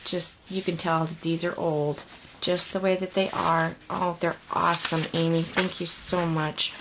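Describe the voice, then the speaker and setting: A woman's voice: on the low side, flat delivery, a little slow, background noise. A woman opening a craft swap package on video, gushing and gasping with delight at each item. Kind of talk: unboxing vlog.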